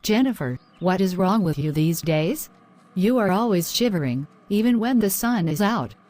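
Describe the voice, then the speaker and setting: A woman's voice: mid-range voice, animated, normal speed, darkish tone, close to an everyday voice. A woman voicing a worried, caring mother. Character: anxious, caring mother, middle-aged. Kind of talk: animated story voice acting.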